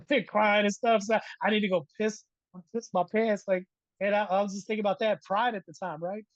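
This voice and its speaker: A middle-aged man recounts his past as an interview guest, animated and conversational, tossing in "right?" after his points. The recording is dry and a little dull, close with no room sound. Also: high voice, normal speed, no room sound. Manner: animated, keeps adding "right?". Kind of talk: storytelling in a casual interview.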